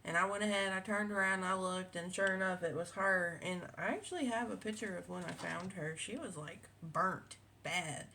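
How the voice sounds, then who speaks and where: A woman's voice: on the low side, normal speed, hardly any pauses, sharp tone, slight background noise. A woman, a quilting vlogger chatting casually at home, rambling with many fillers and restarts. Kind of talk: casual chat. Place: home with cats.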